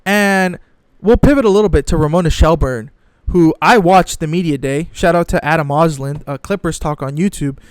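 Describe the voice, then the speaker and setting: A man's voice: a little high, moderate pace, clear, resonant tone, no room sound. A young man ranting in casual sports commentary, profane and exasperated, often mocking others in put-on voices.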